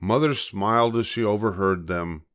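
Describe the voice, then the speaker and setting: An older man reads a children's storybook aloud in a gentle, measured way. His voice sits a little low for a man, calm and steady.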